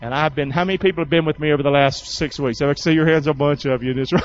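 A man's voice: a little high, fairly even intonation, fast, lo-fi sound, a little hiss or hum. Call-and-response preaching man. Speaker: pastor. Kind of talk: sermon. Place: church hall with congregation.

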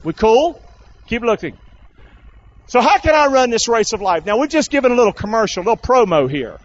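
High-voiced preacher urging his congregation on. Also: fairly quick, muffled recording, slight background noise. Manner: animated, coaxing calls to the congregation. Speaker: pastor. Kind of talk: sermon. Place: large church with congregation.

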